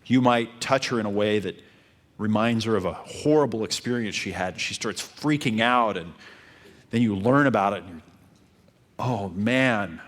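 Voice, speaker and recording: A man with a fairly low voice gives dating advice. He speaks calmly and steadily. He keeps circling back to the same points. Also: normal speed. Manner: calm, repetitive advice-giving. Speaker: dating coach. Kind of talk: coaching talk.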